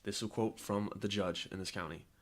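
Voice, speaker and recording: A man's voice: fairly low pitch, steady tone, fairly quick. Heated, profane young man ranting. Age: young adult. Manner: heated, profane, repeats himself. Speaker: podcast host. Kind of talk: angry political rant.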